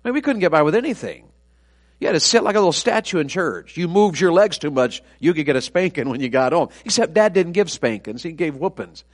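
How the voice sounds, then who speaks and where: A man's voice: fairly high pitch, expressive, brisk. A middle-aged man, an evangelist preaching a sermon full of folksy, self-deprecating family stories.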